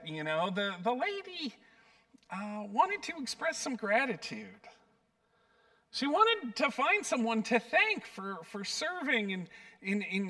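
A pastor with a drawl preaches slowly in a high, bright voice. He tells personal stories with a light, self-deprecating wit. The recording picks him up from a little way back from the mic. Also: far from the mic. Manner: warm storytelling, light self-deprecating humor.

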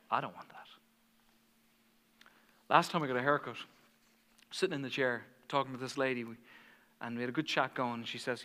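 Male pastor, sermon, animated storytelling, bright tense tone, long hall reverb. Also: medium pitch, fairly quick, pauses often. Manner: animated storytelling, swings from hushed to fired up.

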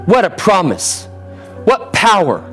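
A man preaching a sermon to a live congregation, energetic and calling for responses. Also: high voice, slow, faint music behind. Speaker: pastor. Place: church sanctuary with congregation.

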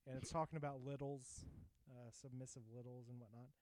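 A man co-hosting a podcast, chatting casually in a rambling, halting way as he reads out a list of results. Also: medium pitch, flat delivery, a little mellow, dry recording, low-quality recording. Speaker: podcast co-host. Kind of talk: casual chat.

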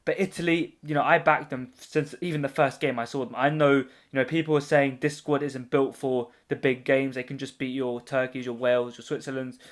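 A man hosts a casual football podcast chat, cracking brash jokes as he rambles from point to point. His voice sits at an ordinary middle pitch. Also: steady tone, fairly quick, hardly any pauses. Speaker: podcast host.

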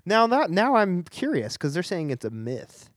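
A man's voice: high-pitched, big pitch swings, moderate pace, dry recording, clean studio sound. A man co-hosting a podcast, teasing his partner in casual banter. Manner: teasing, playful. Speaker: podcast co-host.

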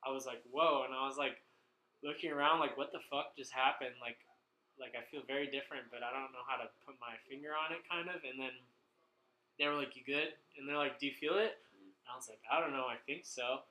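A man's voice: mid-range voice, fairly quick, bright, forceful tone. A man telling a long story in casual chat, rambling and packing nearly every phrase with "like" while swearing freely. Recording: echoey room.

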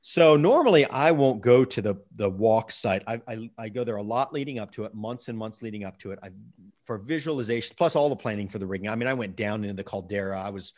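Animated storyteller man, low voice. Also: quick pace. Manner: animated, repeats words when excited. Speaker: guest. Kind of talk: casual storytelling.

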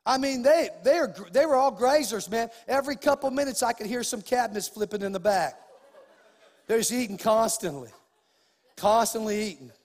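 High-voiced pastor preaching in a reverberant hall. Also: male voice, moderate pace. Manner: preaching with acted-out dialogue and rising emphasis. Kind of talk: sermon.

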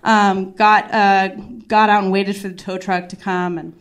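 A woman's voice: mid-range voice, level tone, a little slow. A woman telling a stand-up comedy story, rambling and self-deprecating, full of "like" and restarts.

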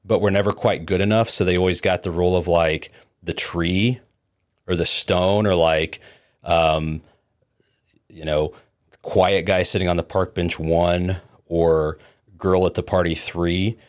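A man's voice: low-pitched, steady tone, unhurried. A man hosting a podcast with opinionated, dismissive commentary. He often stumbles over repeated words and fillers. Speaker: podcast host.

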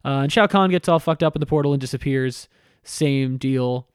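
A man's voice: medium pitch, normal speed, clean tone, no room sound, studio quality. A man casually recapping a video game story, chatty and irreverent, with swearing and lots of fillers.

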